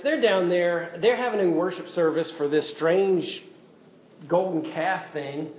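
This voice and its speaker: Male pastor, lively conversational preaching, slightly high voice, roomy hall with faint noise. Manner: animated, jokey preaching with acted-out quotes. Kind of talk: sermon. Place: church hall.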